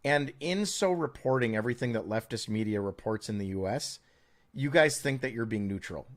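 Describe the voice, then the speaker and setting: This American co-host has an expressive, medium-pitched voice at normal speed. On the podcast, he rambles through opinionated chat, stammering and restarting often, always with a touch of sarcasm.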